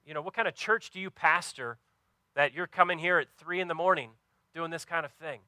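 A man preaching, voicing an annoyed male diner owner who asks exasperated questions in a raised, bright and clear voice. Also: fairly high pitch, a little fast, no room sound, pitched above the performer's own voice.

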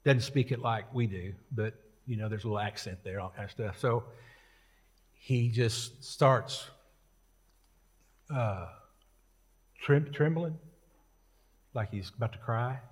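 A man's voice: medium pitch, slow pace, pauses often, long reverb tail. A male preacher tells a story from the pulpit in a loose, conversational manner. His tone is folksy and full of jokes, and he talks to the congregation like friends. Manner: casual, joking, folksy. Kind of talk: sermon storytelling.

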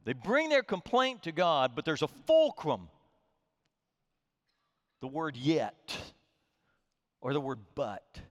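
A man's voice: on the high side, big pitch swings, slow, long pauses, long reverb tail. A man preaching a sermon as pastor, earnest and emphatic, his delivery rising and falling.

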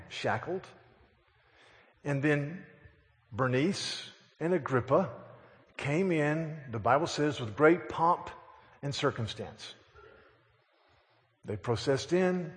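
Preacher man in a reverberant hall. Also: on the high side. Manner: storytelling preacher, dramatic reading of scripture. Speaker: pastor. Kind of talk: sermon.

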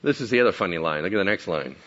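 A man preaching a sermon, animated, acting out the people in the story as he goes. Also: low-pitched, rapid-fire, muffled recording. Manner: animated, acts out biblical characters. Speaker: pastor.

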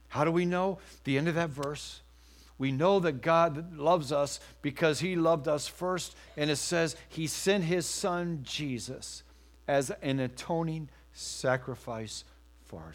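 A man preaching a sermon as pastor in a church, rising to loud emphatic lines and dropping to a hushed near-whisper. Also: medium pitch.

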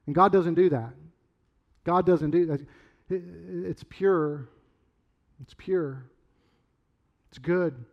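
A man's voice: fairly high pitch, slow pace, pauses often, muffled recording. Rambling, conversational man preaching a sermon. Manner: conversational, rambling storyteller with sudden loud outbursts. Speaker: pastor.

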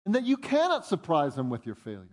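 A man preaching a sermon, animated, jumping up in pitch to voice the disciples' protests and dropping soft for reflective points. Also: quick pace. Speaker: pastor.

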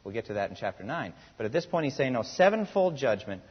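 In a muffled recording from a reverberant hall, a male pastor preaches a sermon, posing rhetorical questions to the congregation and reading scripture aloud with rising emphasis. His voice is medium-pitched and sing-song, slightly rough, and he talks quickly.

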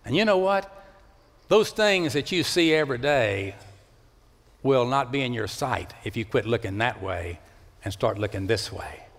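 A man preaching a sermon in a church, swinging between loud rising calls and low hushed lines. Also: expressive, unhurried, gravelly. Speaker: pastor. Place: church sanctuary. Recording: long hall reverb.

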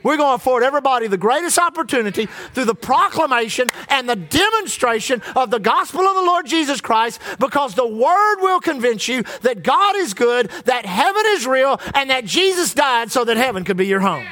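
High-voiced preaching pastor, man. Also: very animated, fairly quick, few pauses, bright, forceful tone. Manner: preaching with call-and-response to the congregation. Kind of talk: sermon. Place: church.

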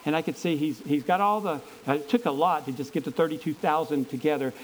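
A man preaching a sermon by retelling a Bible story with animated enthusiasm, often repeating words as he goes. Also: a little high, fairly quick, a little hiss or hum, rough recording.

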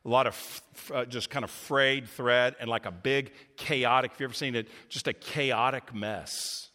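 A man preaching a sermon, passionate as he voices laments to God, calmer and reflective as he explains. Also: moderate pace. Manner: impassioned, rising pitch on voiced laments to God. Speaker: pastor. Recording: long hall reverb.

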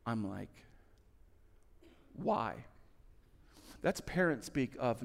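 A man preaching a sermon, telling stories with lively swings between loud, urgent lines and soft, hushed ones. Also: medium pitch, slow, creaky, long pauses, in a large hall. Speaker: pastor.

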